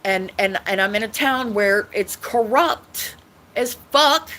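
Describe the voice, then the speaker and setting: A livestream host chats casually in a medium-pitched, fairly bright voice, speaking a little slowly. She rambles and repeats herself, restarting often and swearing a lot, and the recording is low quality.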